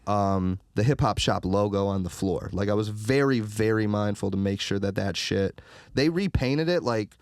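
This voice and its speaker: A man's voice: fairly low pitch, normal speed, no room sound, studio quality. A man, a recording engineer and podcast guest, telling rambling, profane stories in casual chat. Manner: rambling, profane, animated storyteller. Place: podcast studio.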